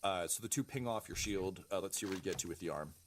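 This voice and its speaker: A man narrating as game master of a tabletop game, pausing often with ums and uhs. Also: low voice, a little hiss or hum. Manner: hesitant, many ums and uhs.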